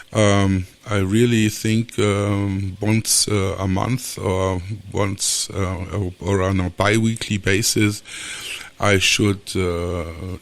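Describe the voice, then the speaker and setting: A man from Germany with a German accent, hosting his own podcast alone and talking hesitantly with many filler sounds. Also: sits low. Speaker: podcast host. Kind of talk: solo podcast monologue.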